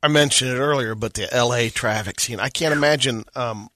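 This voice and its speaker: A man's voice: mid-range voice, a little fast, sharp tone, no echo. A man co-hosting a radio show, chiming in with short, wry remarks in casual banter. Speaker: radio co-host.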